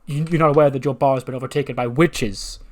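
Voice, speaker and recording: A man's voice: mid-range voice, fairly even intonation, quick pace, natural voice. A man voicing a flustered, exasperated male professor who leads his students in a comic game story. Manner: dramatic, exasperated.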